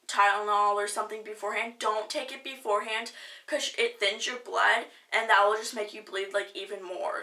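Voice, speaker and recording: A woman's voice: a little high, sharp tone. A young woman chatting to camera in a casual vlog, full of "like"s, acting out her own reactions in quoted asides. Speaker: vlogger. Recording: echoey room, mic a bit far.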